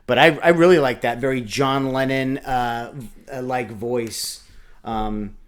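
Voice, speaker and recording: A man's voice: medium pitch, fairly even intonation. Musing middle-aged man. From United States. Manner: musing, thinks aloud with halting restarts. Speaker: reaction video co-host, father. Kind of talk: casual reaction chat.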